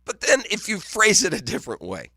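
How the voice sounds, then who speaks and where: Bright, playful sports radio man. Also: high voice, wildly swooping pitch, a little fast, no echo, studio quality. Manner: playful, laughing often, teasing. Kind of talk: casual morning radio banter. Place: radio studio. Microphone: studio microphone.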